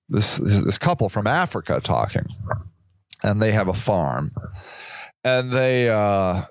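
Slow, sarcastic man on a lively monologue. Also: fairly low pitch, no echo, clean studio sound. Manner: sarcastic, rambling, laughs at his own jokes. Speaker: podcast host. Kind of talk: casual monologue.

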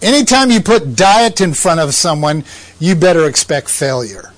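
A man's voice: on the high side, lively intonation, normal speed. A man giving conversational Bible teaching, asking rhetorical questions and making asides to his listeners.

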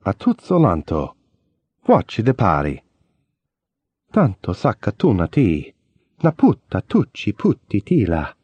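A man's voice: lowish voice, huge pitch swings, unhurried, pauses often, husky, no room sound, pitched below the performer's own voice, exaggerated voice. A man voicing a young man who declaims a mock-Italian poem with theatrical emotion. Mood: mock-dramatic. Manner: theatrical, sweeping through emotions. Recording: dull lo-fi audiobook recording.

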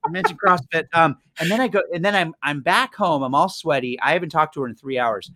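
Slightly fast and on the high side, this man's voice belongs to an animated podcast co-host who tells stories in casual conversation and laughs frequently.

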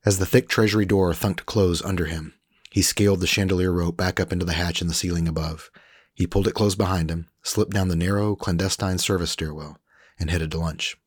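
Low husky man reading a story. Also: steady tone, a little fast, dry recording, studio quality. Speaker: narrator. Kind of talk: scripted story narration.

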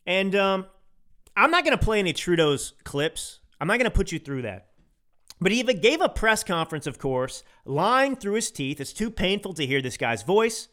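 A man's voice: high voice, sing-song, normal speed, bright, forceful tone. A man from the United States hosting a podcast, giving emphatic, ranting political commentary and repeating phrases for effect. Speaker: podcast host.

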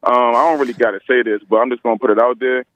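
A man's voice: medium pitch, steady tone, very fast, fairly bright tone, rough recording. A male caller arguing in a heated phone-in, boastful and taunting, repeating himself. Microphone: phone line.

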